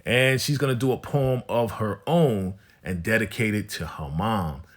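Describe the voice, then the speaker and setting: A man's voice: lowish voice, unhurried. A man casually recapping a TV episode in a laid-back, slang-filled way, often tagging his lines with "right?" and "you know".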